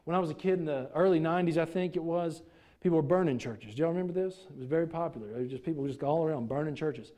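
A man's voice: on the high side, quick pace, dark tone. A middle-aged man preaching a sermon in a church, folksy and joking, full of rhetorical questions to the congregation. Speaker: pastor.

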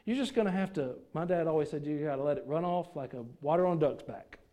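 A man's voice: on the high side, fast, warm tone. A middle-aged man preaching a sermon in a church, folksy and joking, full of rhetorical questions to the congregation. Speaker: pastor.

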